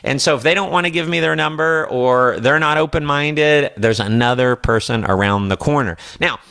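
A man's voice: medium pitch, moderate pace, gravelly, smooth. A man giving a motivational sales training talk, confidently acting out his prospecting lines. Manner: confident, acts out sales dialogue in a brighter voice. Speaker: network marketing trainer.

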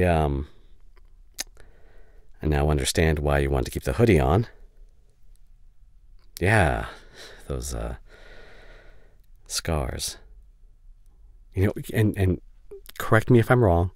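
A man voicing a caring young male best friend in a whispered role-play, speaking softly and haltingly with emotional reassurance. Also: sits low, no room sound, clean studio sound, full character voice. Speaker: ASMR voice actor. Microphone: studio condenser mic.

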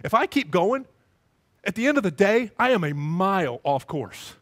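A male pastor giving a sermon in a church, animated as he acts out scenes with voices and sound effects. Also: sits high, moderate pace. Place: church sanctuary with a congregation.

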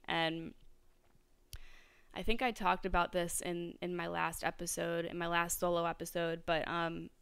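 Smooth-voiced woman podcaster, reflective. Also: lowish voice, no room sound. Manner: reflective, rambling, many fillers and restarts. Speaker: podcast host. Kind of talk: solo podcast monologue.

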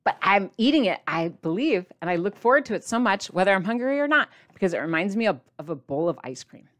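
Woman vlogger, chatty, playful, mid-pitched voice, talking to camera. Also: very animated, fast. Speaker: diet vlogger addressing viewers. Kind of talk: casual to-camera vlog.

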